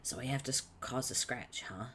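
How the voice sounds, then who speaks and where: A man's voice: mid-range voice, brisk, sharp tone, a little hiss or hum, lightly acted. A man voicing a cheerful, naive teenage boy, upbeat and a bit puzzled, reading a webcomic aloud.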